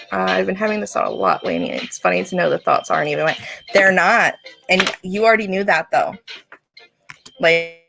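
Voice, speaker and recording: A woman's voice: lowish voice, gravelly, fairly bright tone. A woman giving a casual spiritual reading to a viewer on a livestream, chatty and laughing often, with lots of fillers and restarts. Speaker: psychic reader on a livestream. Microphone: livestream setup.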